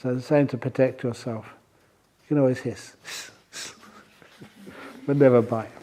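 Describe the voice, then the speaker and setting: A man's voice: mid-range voice, fairly even intonation, measured pace, mellow. A man who is a Buddhist monk, telling a playful story and answering questions at a retreat, often laughing at his own jokes. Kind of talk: storytelling Dhamma talk and Q&A.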